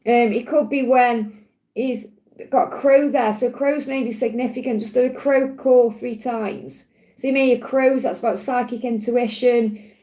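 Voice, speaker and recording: A woman with a Stoke-on-Trent accent, giving a gentle, chatty card reading on a live stream and answering viewers. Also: a little high, fairly even intonation, measured pace, low-quality recording. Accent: Stoke-on-Trent English. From England. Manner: gentle, reassuring, chatty with frequent restarts. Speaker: tarot and angel card reader.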